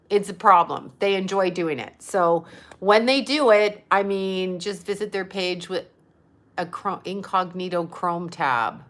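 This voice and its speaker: Woman livestream host, bright tense voice, rambling and exasperated, curses freely, phone mic. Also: medium pitch. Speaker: psychic medium livestreaming to followers. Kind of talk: casual livestream chat reading comments.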